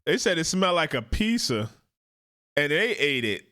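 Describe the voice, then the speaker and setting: A man hosting a reaction video, giving blunt, profane, animated commentary. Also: fairly high pitch, moderate pace. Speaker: react channel host.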